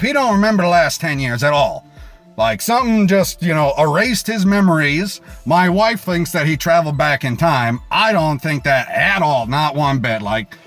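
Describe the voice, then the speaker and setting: Guy doing a sweary casual tv recap, high voice jumping all over, faint music behind. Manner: animated, swings pitch for emphasis. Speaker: reaction video host. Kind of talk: casual episode recap with profanity.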